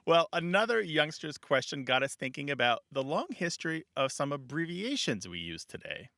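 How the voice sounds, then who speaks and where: A man's voice: a little high, big pitch swings, normal speed, creaky, pushed and bright, dry recording, studio quality. A man co-hosting a radio call-in show, explaining the history of words plainly with playful jokes.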